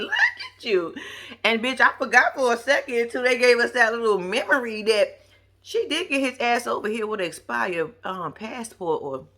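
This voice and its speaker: A woman's voice: a little high, bright, forceful tone. A woman giving casual, profane, gossipy commentary on a reality TV episode, laughing often as she talks. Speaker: reality TV recap vlogger.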